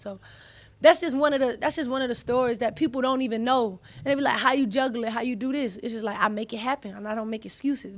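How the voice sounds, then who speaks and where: A woman's voice: fairly high pitch, dry recording. A young woman, hosting a casual chat, talking animatedly in slang and repeating herself. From US South (Atlanta). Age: young adult. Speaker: host, college athlete.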